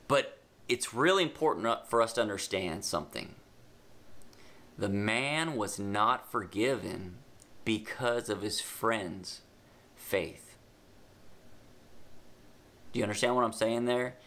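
A man teaching a children's Bible lesson, retelling the story with animated emphasis and casual asides, slowing down when he dictates notes. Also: on the low side.

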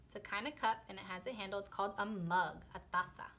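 A young woman teaching young children letter sounds, sounding them out slowly in a sing-song way and switching between English and Spanish words. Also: mid-range voice, pushed and bright. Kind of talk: early-childhood phonics lesson.

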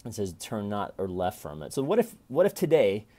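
A man in his forties giving a casual Bible reflection to camera, chatty and repetitive, with sudden loud playful callouts. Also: fairly low pitch, very animated, fairly quick. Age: 40s. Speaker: vlogger reading and reflecting on scripture.

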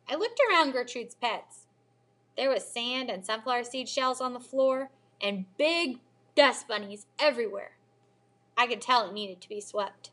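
A teacher reading a children's novel aloud with expressive storybook delivery. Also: female voice, on the high side, unhurried. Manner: expressive storybook reading, lively character voices.

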